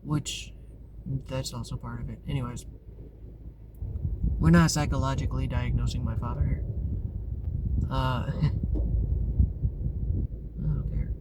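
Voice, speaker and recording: A man speaks candidly in a casual, confessional way as host of a tarot channel. He rambles, often stopping to restart or correct himself. His voice sits at an ordinary middle pitch, with clear vehicle noise running under the recording. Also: steady tone, a little slow, pauses often. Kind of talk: casual confessional talk to camera.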